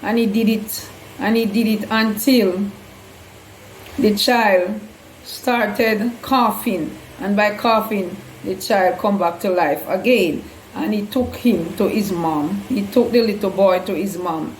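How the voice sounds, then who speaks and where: A woman's voice: medium pitch, slow. Earnest woman retelling Bible stories. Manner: earnest, loose non-standard grammar, acts out quotes. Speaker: host, Bible storyteller. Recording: echoey room with faint hum.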